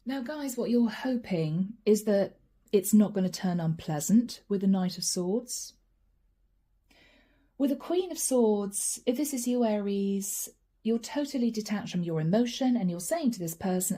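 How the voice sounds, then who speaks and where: A woman reads tarot cards for her viewers in a soft, mellow voice and talks straight to the camera. She names each card as she turns it over and stops for sighs and small asides. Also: mid-range voice, expressive, moderate pace. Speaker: tarot reader. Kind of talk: channeled tarot reading.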